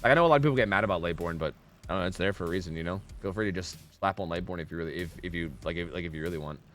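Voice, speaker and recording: This man's voice sits low and comes out rapid-fire with a fairly bright tone. Streaming a game live, he offers laid-back commentary, swearing plenty and chatting back and forth with viewers.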